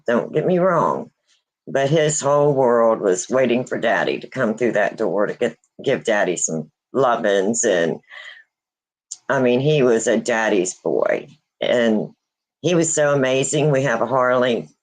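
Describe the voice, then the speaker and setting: A woman hosting a casual livestream, grieving and near tears, speaking haltingly with many pauses and restarts. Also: a bass voice, low-quality recording. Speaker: host of a paranormal channel.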